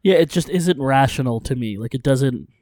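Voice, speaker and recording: A man co-hosting a podcast, chatting casually and recapping an episode in a relaxed, agreeable way. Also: mid-range voice, moderate pace, no room sound, clean studio sound. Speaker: podcast co-host.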